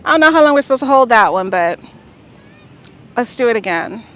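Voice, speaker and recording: A woman's voice: on the high side, animated, fairly quick, a bit bright, slight background noise. A woman vlogger leading a casual beginner yoga routine outdoors on a beach, chatty and encouraging and often checking in with "okay?". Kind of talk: casual instructional vlog.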